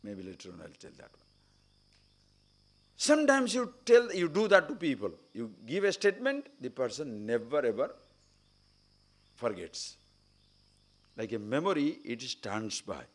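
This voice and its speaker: Animated man teaching a spiritual talk. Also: mid-range voice, unhurried, pauses often. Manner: animated storytelling, acting out quoted speakers. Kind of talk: spiritual discourse. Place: retreat camp.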